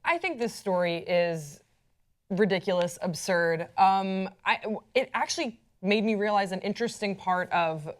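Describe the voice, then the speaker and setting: A woman co-hosting a casual pop-culture show. She thinks out loud and pauses on fillers as she forms her views. Her voice sits at an ordinary middle pitch. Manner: thoughtful, hesitant, many fillers. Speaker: co-host.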